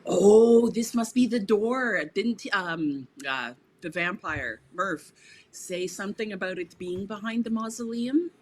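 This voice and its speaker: A player in a tabletop game, talking in casual chat that is animated and full of jokes. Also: medium pitch, unhurried, a little hiss or hum. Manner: animated, jokey.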